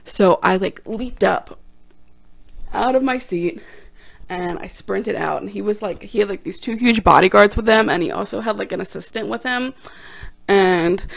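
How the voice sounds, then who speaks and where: A young woman, a stand-up comic, telling a casual storytime on her vlog with animated, self-deprecating delivery and quoted voices. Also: mid-range voice, moderate pace, vocal fry, no echo.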